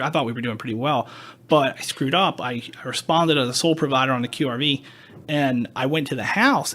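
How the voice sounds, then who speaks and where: A man's voice: mid-range voice, a bit bright. A man hosting a podcast, telling a story in casual chat, acting out quoted dialogue and swearing freely. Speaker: podcast host.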